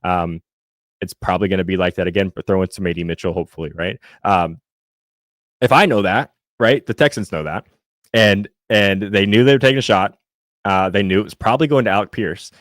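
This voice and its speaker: A young man from Indiana co-hosting a podcast, chatting casually about football and fast food and reading the live chat, rambling with many fillers and restarts. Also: low voice, fairly bright tone, dry recording, clean studio sound. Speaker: podcast co-host.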